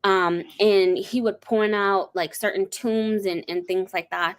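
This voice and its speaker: A woman's voice: mid-range voice, steady tone, measured pace, smooth. A woman hosting a livestream, chatting casually and rambling through a story with lots of fillers. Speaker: host. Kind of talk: casual chat.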